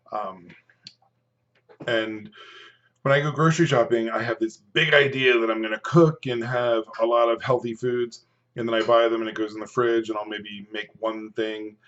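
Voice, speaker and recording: A man's voice: mid-range voice, fairly bright tone, muffled recording. A man in his fifties talking casually to camera while eating, chatty and rambling, stopping now and then to chew. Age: 50s. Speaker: food and fitness vlogger.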